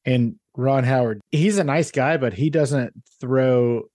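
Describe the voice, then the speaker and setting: A man's voice: mid-range voice, slow pace, a little mellow, dry recording, clean studio sound. A man hosting a podcast, chatting casually and enthusiastically recommending shows. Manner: enthusiastic, plugs shows to listeners. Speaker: podcast host.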